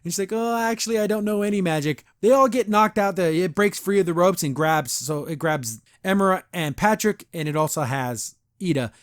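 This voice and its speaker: Animated man rambling through a cartoon review. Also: fairly high pitch, normal speed, few pauses, dry recording, clean studio sound. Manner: rambling, animated, with frequent restarts and acted-out quotes. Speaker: podcast host reviewing a cartoon episode. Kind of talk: casual episode review.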